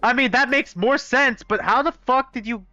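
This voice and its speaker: A young man playing through a fan game live, voicing characters in an excitable, swearing, mock-outraged way, on a dull, dry recording. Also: very high voice, normal speed, no room sound, faint music behind. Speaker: let's play gamer voicing a fan game. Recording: dull, dry close-mic sound.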